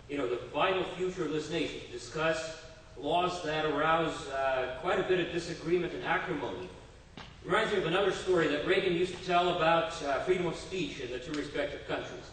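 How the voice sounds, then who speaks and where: A man with a somewhat raised pitch delivers a public speech at a community forum. He strings together anecdotes and jokes with easy fillers. The sound is distant and very reverberant, with a faint hum of room noise. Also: a bit bright. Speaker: congressional chief of staff giving a speech. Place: public meeting hall. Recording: echoey hall from far off.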